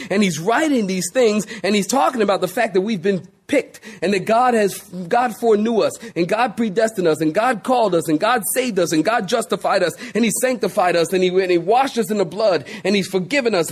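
Animated, high-pitched male preacher. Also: breathy edge. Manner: preaching with dramatic pauses and drawn-out words; addresses listeners as saints, calls for responses. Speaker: pastor. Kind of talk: sermon.

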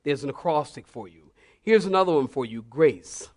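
A pastor preaches a sermon to his congregation in a slightly high voice, animated and humorous. He breaks into mock voices, then spells out his points slowly like a teacher.

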